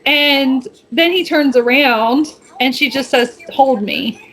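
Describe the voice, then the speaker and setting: High-voiced woman with faint hiss. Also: fairly bright tone, rough recording. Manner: retelling scenes with quick asides, laughs easily. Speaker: podcast co-host. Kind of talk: casual chat.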